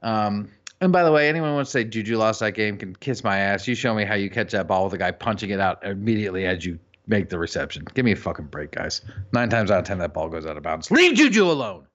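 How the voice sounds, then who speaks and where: A man co-hosting a casual chat podcast, swearing and ranting with loud bursts. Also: on the low side, fast talker, hardly any pauses. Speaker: podcast co-host. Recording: dull lo-fi recording.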